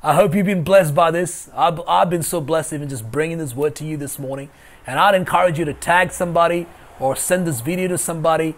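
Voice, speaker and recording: A man's voice: a little high, fairly quick. A man preaching an online sermon as pastor, emphatic and repeating his key phrases. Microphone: video call.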